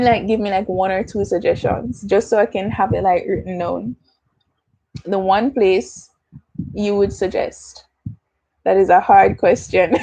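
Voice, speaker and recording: A woman's voice: medium pitch, dark tone, no echo. A young adult woman with a Jamaican accent, chatting casually as she hosts a livestream Q&A, slipping into patois and answering viewer comments. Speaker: YouTuber hosting a livestream Q&A.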